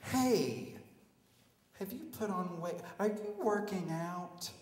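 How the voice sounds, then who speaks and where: A man voicing a gushing young college sorority woman, high and drawn out, in an echoey hall. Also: animated, takes it slowly, far from the mic. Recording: echoey hall, live stage.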